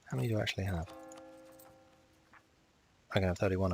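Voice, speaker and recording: A man with a fairly low voice talks his way through a strategy game in a casual, self-directed way. He mutters asides, chides the game's units and drops to near whispers, with mouse clicks behind him. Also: a little fast, gravelly, faint music behind. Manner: muttering to himself, talking at the game. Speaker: strategy game let's player. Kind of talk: casual gameplay commentary.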